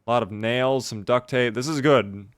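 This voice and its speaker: Male streamer, mid pitch, smooth resonant voice, jokey running commentary, chats with viewers. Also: moderate pace, no echo. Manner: jokey, chatty, thanks viewers and reacts to chat. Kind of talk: casual gameplay live-stream commentary.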